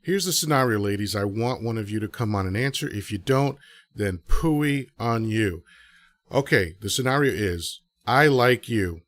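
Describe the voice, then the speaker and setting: A man's voice: lowish voice, animated, moderate pace, fairly bright tone, no room sound. A man hosting a live audio show, talking casually to listeners and throwing out rhetorical questions. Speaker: podcast host.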